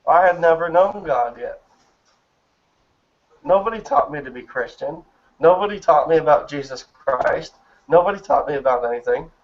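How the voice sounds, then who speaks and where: A man's voice: on the high side, lively intonation, moderate pace, long pauses. A man in his thirties telling a personal story in an earnest, emotional way during a casual chat. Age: 30s. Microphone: online voice chat. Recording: muffled lo-fi voice chat audio.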